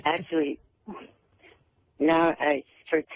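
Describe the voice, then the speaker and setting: A man calling in to a radio talk show, speaking haltingly with restarts and repeated words over a telephone line. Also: a little high, little pitch movement, a little hiss or hum. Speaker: caller. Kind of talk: phone-in radio chat. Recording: tinny phone line.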